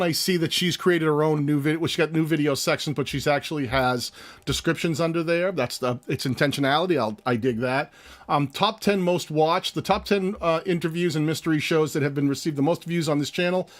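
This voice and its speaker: A man co-hosting a live stream, explaining in a casual, animated way as he clicks through screens. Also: a little high. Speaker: co-host of a channel review live stream.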